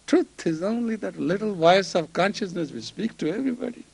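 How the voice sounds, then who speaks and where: A man's voice: high voice, lively intonation, brisk, gravelly, few pauses, breathy edge. A man giving a spiritual lecture as a teacher and counselor. He tells humorous anecdotes and leads a guided meditation. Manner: storytelling, joking, acts out both sides of dialogues.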